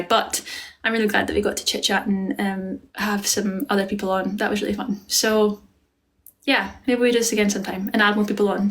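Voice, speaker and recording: A woman's voice: mid-range voice, a bit bright. Gushing Scottish woman chatting live. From Scotland. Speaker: livestream host. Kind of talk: casual livestream chat.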